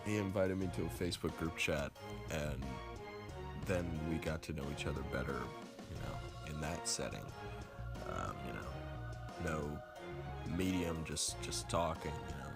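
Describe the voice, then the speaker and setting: A man telling a casual story about a friend, relaxed and laughing often. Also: rumbling low, unhurried, gravelly, over loud music. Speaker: community member giving a tribute.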